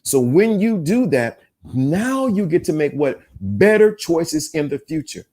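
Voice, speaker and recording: On his live-streamed relationship podcast, a host lectures his chat emphatically and preachily, going over the same ideas repeatedly. He speaks a little slowly in a fairly high, darkish voice that swings widely in pitch.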